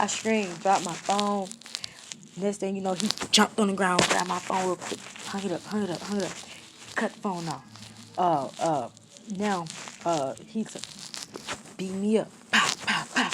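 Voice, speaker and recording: Young woman in her twenties, low voice, flat matter-of-fact story time delivery. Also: moderate pace, long pauses, background noise. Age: 20s. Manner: blunt, slangy and matter-of-fact, little emotion shown. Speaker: storyteller vlogger. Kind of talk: casual story time monologue.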